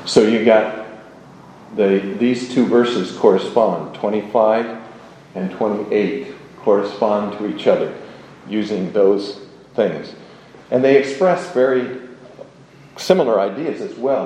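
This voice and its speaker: A man teaches a class in a slow, unhurried lecture, working through the material with measured pauses. His voice sits low and mellow. The classroom rings with echo, and a faint hum of room noise lies underneath. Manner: measured, deliberate, with pauses and fillers.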